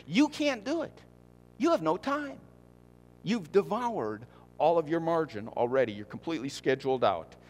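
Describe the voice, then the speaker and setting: A man's voice: on the high side, a bit bright, long reverb tail. A man preaching a sermon in a conversational way, repeating his key points and asking the congregation rhetorical questions. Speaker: pastor.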